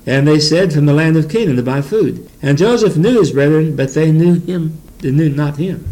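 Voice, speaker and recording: A man's voice: on the high side, moderate pace, warm tone, rough recording. A man preaching a Bible teaching sermon in a folksy way, reading scripture aloud and explaining it with chuckles.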